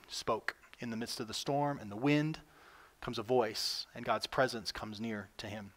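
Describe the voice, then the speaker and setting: A man preaching a sermon as pastor, earnest, with his voice lifting and getting louder when he reads scripture aloud. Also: measured pace. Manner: earnest, rises in pitch and volume when reading scripture.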